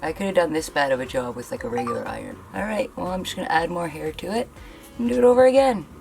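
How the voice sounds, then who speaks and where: Low-voiced exasperated woman vlogger, gravelly. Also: lively intonation, quick pace, soft background music. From Canada. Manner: blunt, exasperated, venting. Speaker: beauty vlogger. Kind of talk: frustrated product demo vlog.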